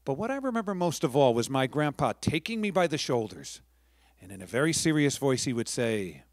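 A man's voice: mid-range voice, very animated, fairly quick, no echo, studio quality. A middle-aged man from New York, a professional storyteller giving a chatty talk to a live audience, with friendly asides and restarts.

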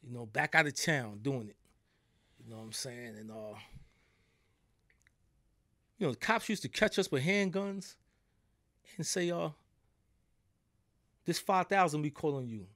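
A man's voice: medium pitch, lively intonation, a little slow, pauses often, a bit bright, no room sound, studio quality. A middle-aged man from New York with a New York accent, a podcast guest telling stories in a casual, streetwise way and often asking "you know what I'm saying". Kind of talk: casual storytelling. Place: podcast studio.

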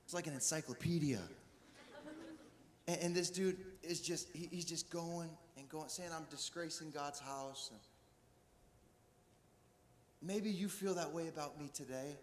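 Young male pastor, high voice, joking casual sermon, long hall reverb. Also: unhurried, pauses often, slight background noise. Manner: casual and jokey, with acted-out inner voices and frequent laughs. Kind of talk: energetic sermon. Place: church stage before a live audience. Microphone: handheld stage mic.

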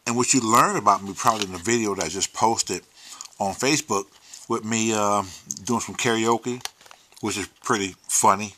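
On his livestream, a man delivers a casual, emotional monologue, swearing without restraint and now and then going nearly silent to a whisper. His lowish voice sounds pushed and bright at a normal pace, with a little background noise.

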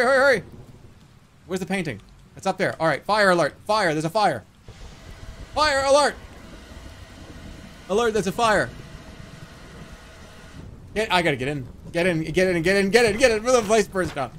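A male streamer giving casual gameplay commentary, excitable and swearing, with loud shouting outbursts. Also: sits high, moderate pace, long pauses, slight background noise.

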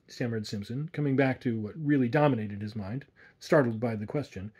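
A man narrating a spooky tale in a measured, atmospheric way. His voice is dark and mellow with a husky grain. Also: medium pitch. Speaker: audiobook narrator. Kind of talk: scripted narration.

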